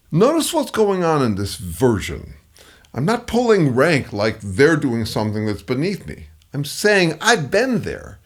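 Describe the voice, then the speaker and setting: Animated middle-aged man, emphatic commentary. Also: fairly high pitch, a little slow. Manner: emphatic, acts out quoted replies in shifting voices. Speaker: consultant on dealing with difficult people. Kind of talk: scripted commentary.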